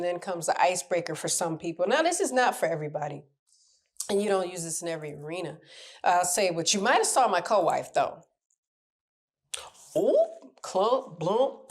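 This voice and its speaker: A candid woman in her thirties talks casually to her audience, giving relationship advice in a low-pitched voice. She tells stories animatedly and laughs at the reactions she describes. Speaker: relationship coach. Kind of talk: casual advice talk to camera.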